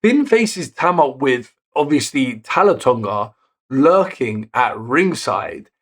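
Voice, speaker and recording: A man recapping a wrestling show in casual narration, getting excited on the big moments and correcting himself as he goes. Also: medium pitch, slow. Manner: self-correcting, picks words as he goes.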